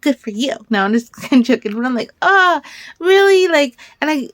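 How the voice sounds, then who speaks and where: A woman in her thirties rambles through a casual crafting vlog, her voice sitting a little high. She gets excitable and animated as she tells her stories. The sound is close and dry, with no room echo. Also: fast. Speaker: crafter vlogger.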